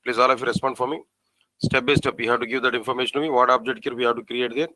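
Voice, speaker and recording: A man teaching a programming class, spelling out code slowly and asking the students questions again and again. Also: mid-range voice, flat delivery, sharp tone, rough recording. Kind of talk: live coding lesson.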